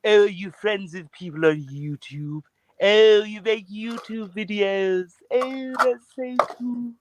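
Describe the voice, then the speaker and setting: A man's voice: sits high, slow, a little hiss or hum, pitched above the performer's own voice. A man doing an impression of a bratty, scheming cartoon baby boy with a posh clipped accent. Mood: mocking.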